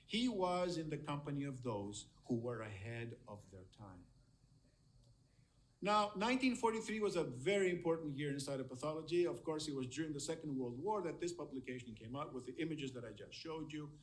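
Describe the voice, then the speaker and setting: A man's voice: on the high side, expressive, fairly quick. A man giving a lecture on medical history over slides, admiring and emphatic, often repeating words for stress.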